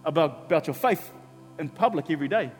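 A man's voice: fairly high pitch, expressive, in a large hall, faint music behind, lightly acted. A man voicing a pushy male street evangelist who fires one probing question after another. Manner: rapid-fire probing questions.

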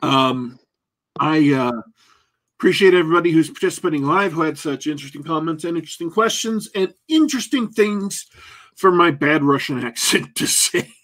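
A man's voice: a little high, moderate pace, a bit bright. A man co-hosting a podcast, rambling and joking at his own expense as he signs off the show. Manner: rambling, self-mocking, jokey. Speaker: podcast co-host. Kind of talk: casual podcast sign-off chat.

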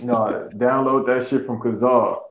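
A man chatting as a podcast guest, firing off quick slangy jokes. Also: medium pitch, steady tone. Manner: quick joking comebacks, slangy. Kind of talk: casual podcast banter. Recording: roomy, dull lo-fi sound.

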